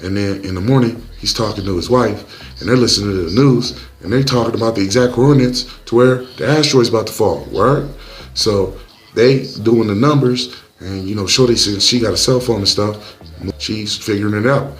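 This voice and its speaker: A man's voice: lowish voice, brisk. A young man narrating a movie recap in loose, slangy, joking storytelling.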